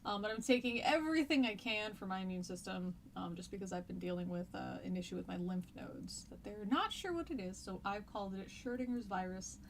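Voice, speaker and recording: A woman's voice: medium pitch, a little fast, few pauses. An American woman with a mid-range voice, teaching history on a casual live stream. She talks in a chatty, rambling way, full of ums and asides. Her nose is stuffy, a cough comes through now and then, and a faint hiss sits behind her.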